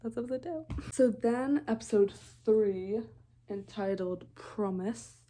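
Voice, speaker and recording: A woman's voice: fairly high pitch, unhurried, mellow. A young woman vlogger recapping a TV show in a casual, rambling way, often breaking off mid-thought. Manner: rambling, chatty, interrupts herself often.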